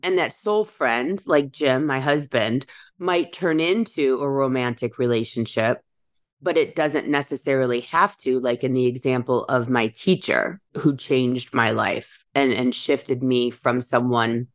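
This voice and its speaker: Very low-voiced woman musing on spirituality. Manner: musing, spiritual, slows to stress words. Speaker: podcast host. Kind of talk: casual spiritual chat.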